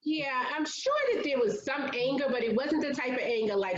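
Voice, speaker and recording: In a reverberant, dull-sounding recording, a high-pitched woman speaks at a moderate pace as an interview guest. She relates a personal story in a candid, earnest, conversational way, using "like" again and again.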